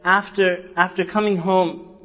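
A man's voice: high-pitched, fairly even intonation, unhurried. A man preaching a sermon with earnest, repeated emphasis, quoting Arabic scripture between English lines. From Canada. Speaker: Islamic preacher. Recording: dull lo-fi recording in a reverberant hall.

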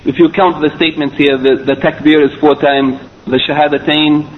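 A man's voice: on the high side, level tone, moderate pace. A man teaching a recorded religious lesson, explaining step by step with fillers and self-corrections. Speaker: Islamic studies teacher. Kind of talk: recorded lecture. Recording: tinny phone-line quality, faint hiss.

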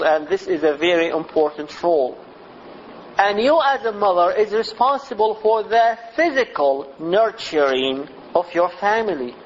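A male preacher with a high voice speaks slowly and deliberately, stacking phrases into repetitive lists. The recording is muffled and lo-fi, with faint ambient noise behind him. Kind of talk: sermon.

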